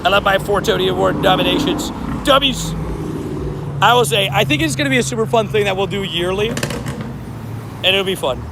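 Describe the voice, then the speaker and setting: A high-voiced man with a gravelly edge runs a live stream outdoors. He chats loosely with his viewers, rambling and laughing easily. Faint traffic noise hums behind him. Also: moderate pace, long pauses. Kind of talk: casual live-stream chat.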